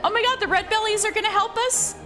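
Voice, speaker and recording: A woman's voice: very high-pitched, quick pace, sharp tone, faint music behind. A woman streaming a video game, giving blunt, crude, joking casual commentary.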